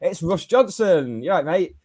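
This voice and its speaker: A man's voice: high voice, lively intonation, normal speed, darkish tone. A man co-hosting a football fan podcast in casual chat, with dry, wry humour. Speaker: podcast co-host.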